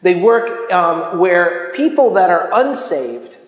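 A man giving a casual, animated sermon, often restarting his sentences with stammered repeats. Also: sits high, slow pace, lo-fi sound. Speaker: preacher. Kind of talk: informal sermon. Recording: echoey hall with long reverb.

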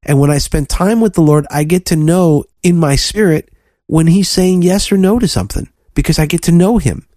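A man co-hosting a faith podcast, preaching fervently and telling lively stories to his listeners. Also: on the high side, normal speed, no echo, clean studio sound. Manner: fervent, preachy, animated storytelling. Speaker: podcast co-host.

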